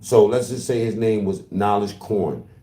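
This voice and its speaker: A man's voice: lowish voice, unhurried, dark tone, reverberant. A man livestreaming in casual talk to his chat, taunting and profane as he trash-talks.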